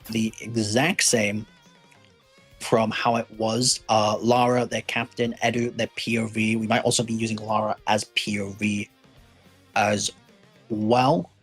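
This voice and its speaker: A man giving play-by-play commentary on a competitive racing match, measured and hedging, with frequent fillers. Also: on the low side, husky, poor audio. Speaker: esports commentator.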